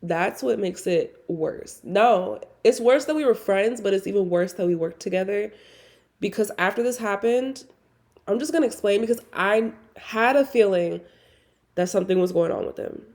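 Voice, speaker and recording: A woman's voice: mid-range voice, moderate pace, darkish tone. A young woman hosting a podcast, telling a personal story in casual, candid talk full of fillers and swearing. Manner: candid, profane, conversational with many "like" fillers. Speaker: podcast host.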